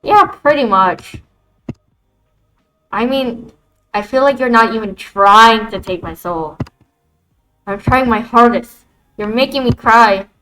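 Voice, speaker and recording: A woman's voice: fairly high pitch, takes it slowly, pauses often, fairly bright tone, faint music behind, poor audio. A woman streaming a visual novel, reading its lines aloud and reacting to them in a playful, teasing way.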